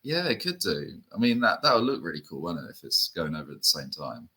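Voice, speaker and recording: Deep-voiced British man chatting casually. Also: sing-song, quick pace, a crowd in the background, rough recording. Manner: chatty, lots of fillers and tag questions. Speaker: co-host. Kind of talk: casual enthusiast chat.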